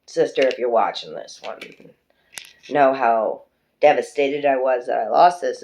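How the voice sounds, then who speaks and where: A woman's voice: extremely low pitch, darkish tone. A woman doing a pick-a-card tarot reading, chatty and emotional, who swears freely and speaks fondly to her viewers. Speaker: tarot reader.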